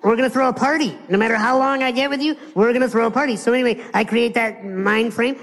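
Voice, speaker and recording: A man's voice: very high-pitched, quick pace, vocal fry, fairly bright tone, big-room sound. An American man giving a live motivational keynote, telling stories playfully and speaking straight to his audience. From United States.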